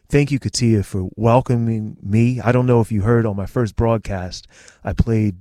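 A man's voice: on the low side, mellow, dry recording. A man sitting in as a radio programmer, friendly and grateful, telling the stories behind songs in a radio studio. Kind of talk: casual radio chat and music stories.

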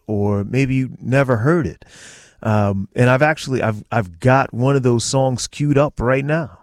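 A friendly man sitting in as a radio programmer, sharing the stories behind old songs. His voice sounds close and dry, with no room echo, as he talks from a radio studio. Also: medium pitch. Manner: friendly, storytelling, grateful. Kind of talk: casual radio chat and music stories.

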